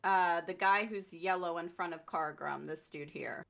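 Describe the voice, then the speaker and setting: Woman, bright voice, tabletop player, feisty, cursing for fun. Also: on the low side, normal speed, creaky. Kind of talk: casual tabletop play.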